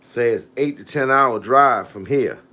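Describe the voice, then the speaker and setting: Unhurried and forceful, this fitness coach speaks with a bright, medium-pitched voice. During his casual livestream chat he stays laid-back, repeating "hey, look" and reading out viewer comments before answering them.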